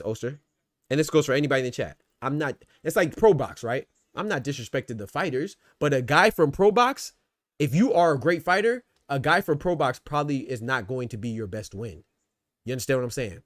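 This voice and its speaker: A man's voice: on the high side, expressive, fairly quick, no echo, studio quality. A man hosting a casual livestream, arguing his points and answering chat, repeating phrases to press them home. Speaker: boxing talk show host.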